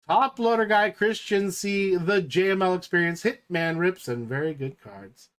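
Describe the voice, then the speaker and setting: High-voiced guy hosting a card break stream, slow easygoing chat, reads names off one by one. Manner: excited horse-race commentary. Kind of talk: casual livestream chat.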